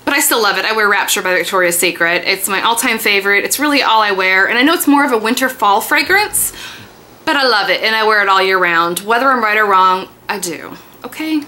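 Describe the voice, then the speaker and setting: A woman in her thirties chatting excitedly about a mail haul in a casual vlog. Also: medium pitch, brisk. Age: 30s. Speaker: beauty vlogger. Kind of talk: casual haul video chat.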